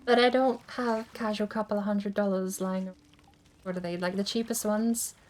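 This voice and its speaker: A woman's voice: mid-range voice, fairly even intonation, normal speed, darkish tone. A woman streamer chatting casually as she plays, thinking aloud and over-enunciating every word. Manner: chatty, thinks aloud while fiddling with settings. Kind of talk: casual game-stream chat.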